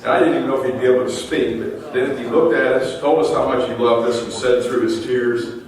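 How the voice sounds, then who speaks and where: A man's voice: medium pitch, fairly even intonation, a little fast. A middle-aged man giving a teasing roast speech at a banquet, telling anecdotes with dry punchlines. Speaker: roast speaker at an awards dinner. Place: large banquet hall. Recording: very echoey hall, distant mic, faint room noise.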